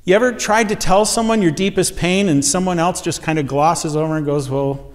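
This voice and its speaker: A man delivers a sermon with earnest storytelling and a voice that climbs when he presses a point. His voice sits a touch higher than most men's. The sound rings with the long reverb of a church hall. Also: brisk. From USA. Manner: earnest storytelling, voice rising with emphasis. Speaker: pastor teaching a series. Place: church sanctuary.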